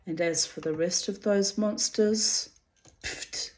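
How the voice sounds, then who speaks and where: A woman's voice: medium pitch, unhurried, darkish tone. A woman with a New Zealand accent, reading out messages and adding blunt, bitter, profane commentary. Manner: bitter, blunt, swears freely. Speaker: pet owner recounting a dispute.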